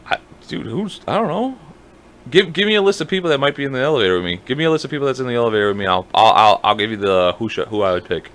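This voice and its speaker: A man co-hosting a podcast, talking in an animated, profane, joking way in casual chat. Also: mid-range voice, rapid-fire. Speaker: podcast co-host.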